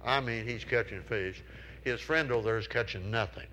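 A man with a fairly low, bright and forceful voice preaches a sermon at a moderate pace, telling folksy stories, asking his listeners questions and acting out the characters in raised voices. The recording is lo-fi with slight background noise.

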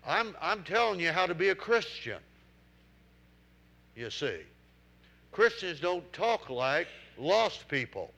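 Emphatic, bright-voiced male preacher. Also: fairly high pitch, sing-song, slow pace, vocal fry, pauses often. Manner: emphatic, repetitive, exhorting. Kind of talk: sermon. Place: room with congregation.

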